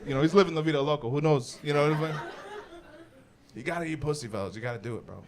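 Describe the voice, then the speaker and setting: A man's voice: a little high, very fast, noisy background. A brash male stand-up comedian performing a profane, slangy set on stage, saying "bro" a lot. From United States. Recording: live stage mic with audience laughter.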